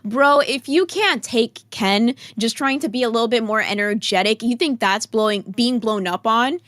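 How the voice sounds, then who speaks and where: Sassy female co-host, higher voice, dry close sound, teasing delivery. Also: moderate pace, fairly bright tone, no room sound. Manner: teasing and sassy, reads chat. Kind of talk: casual chat.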